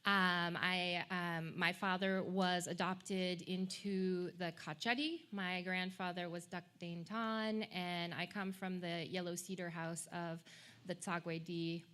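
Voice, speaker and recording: A woman from Alaska welcomes an audience at a public event in an earnest, formal way. Her voice sits a little low for a woman, and she speaks with feeling. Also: fairly even intonation, slow pace, fairly bright tone, clear, resonant tone. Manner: emotional, earnest, formal introductions. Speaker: tribal administrator. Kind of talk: ceremonial welcome speech.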